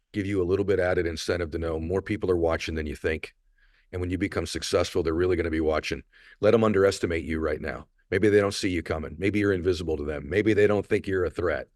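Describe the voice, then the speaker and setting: Middle-aged male podcast host, extremely low voice, earnest and motivational, emotional, dry studio sound. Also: dry recording. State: emotional, choked up. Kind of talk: emotional solo storytelling.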